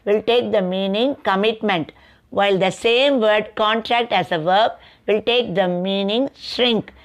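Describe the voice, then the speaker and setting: A woman, teaching a school lesson and addressing her students directly in a deliberate way. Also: on the high side. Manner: slow, deliberate, addresses students often, word-list reading. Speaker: English teacher. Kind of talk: classroom lesson explanation.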